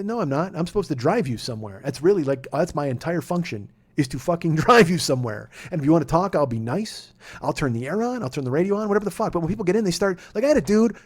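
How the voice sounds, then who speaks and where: A man in his forties hosting a podcast, telling a rambling, profane story in casual storytelling. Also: high voice. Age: 40s. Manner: profane, rambling, gets worked up and shouty. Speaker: podcast host.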